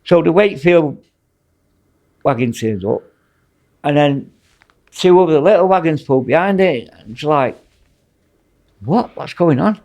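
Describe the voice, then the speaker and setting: A man's voice: fairly high pitch, lively intonation, a little slow, long pauses, darkish tone, lo-fi sound. Blunt Mancunian man telling stories. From Manchester, England. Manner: blunt, rambling anecdotes with frequent "mate". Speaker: guest, former prison officer. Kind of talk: casual storytelling interview.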